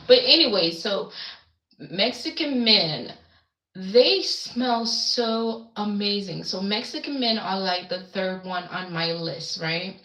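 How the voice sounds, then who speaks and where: Woman from the islands, casual livestream chat, slow unhurried delivery, rambling and chatty, roomy echo. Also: medium pitch, sharp tone. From the Caribbean islands. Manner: rambling, chatty, reacts to viewer comments. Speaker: livestream host. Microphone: webcam.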